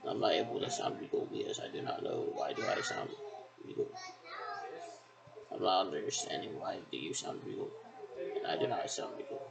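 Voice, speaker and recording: A man's voice: sits low, animated, fairly quick, creaky, low-quality recording. A man talking in a rambling, repetitive monologue that keeps circling back on itself with hesitant restarts.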